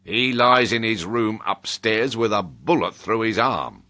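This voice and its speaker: A man's voice: lowish voice, lively intonation, unhurried, pushed and bright, voice pushed up. A man with a British accent reading an audiobook, voicing a blunt, protective older male soldier with an urgent, plain-spoken manner. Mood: grave. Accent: British English. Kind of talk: audiobook character voice.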